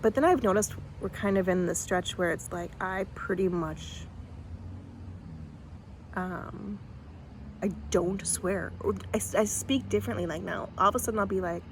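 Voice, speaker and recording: A woman talking casually to camera outdoors in a faith vlog, chatty and animated, with lots of fillers and restarts. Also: medium pitch, normal speed, a little hiss or hum. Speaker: vlogger. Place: outdoors in bright sun.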